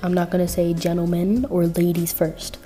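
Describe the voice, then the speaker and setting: A sweet, affectionate young witch woman, put on by a woman narrator speaks softly and gigglingly. Her tone is mellow and warm. Soft music plays faintly behind. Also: lowish voice, monotone, moderate pace, close to an everyday voice.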